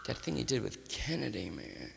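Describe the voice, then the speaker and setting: A man riffing loosely in hip slang, often ending lines with "man" and slipping into quick impressions of others. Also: medium pitch, very animated, vocal fry, big-room sound, heavy background noise. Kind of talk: loose hipster riffing monologue.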